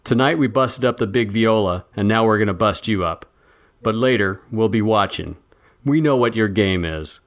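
A man's voice: fairly low pitch, moderate pace, lightly acted. A man voicing a menacing male thug who taunts his captive. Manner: taunting, sneering.

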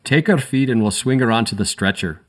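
A man voicing a gruff, swaggering male paramedic with a faint Irish brogue who barks clipped orders. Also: medium pitch, lively intonation, a little fast, voice pushed up. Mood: urgent.

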